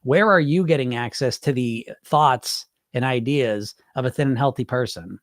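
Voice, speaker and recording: A man's voice: medium pitch, moderate pace, no room sound, studio quality. A man who coaches weight loss through hypnosis, hosting a casual live chat in which he answers viewers' comments, speaking candidly, swearing freely and repeating himself.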